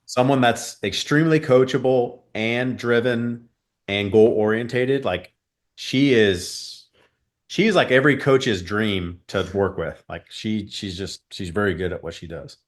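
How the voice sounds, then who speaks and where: Low-voiced man as an earnest guest. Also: unhurried. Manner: rambling, filler-heavy, earnest. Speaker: guest, shooting coach. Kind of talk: casual interview chat.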